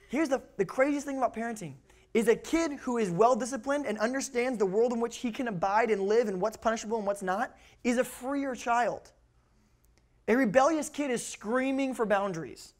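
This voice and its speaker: A man speaking as youth pastor, telling lively stories and repeating his key words for emphasis. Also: very high-pitched, normal speed. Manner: animated storyteller who acts out quotes, repeats key words. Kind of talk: youth ministry talk.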